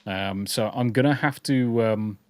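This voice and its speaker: A man's voice: fairly low pitch, measured pace, a little mellow, dry recording. English man with mixed regional accent. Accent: mixed English, partly southern. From English Midlands. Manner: rambling, jokey, repeats words. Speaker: podcast co-host. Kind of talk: casual chat reading live comments.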